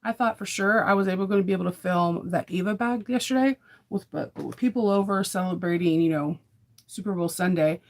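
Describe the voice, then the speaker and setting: A woman's voice: on the low side, fairly quick, darkish tone. A woman chatting casually in a morning sewing vlog, upbeat and rambling with fillers. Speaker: sewing vlogger.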